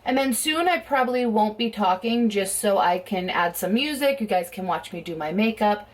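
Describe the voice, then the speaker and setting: A woman's voice: mid-range voice, expressive, moderate pace. A woman chatting casually at home as she does a makeup tutorial, talking in a rambling way full of "like" and "um". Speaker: beauty vlogger.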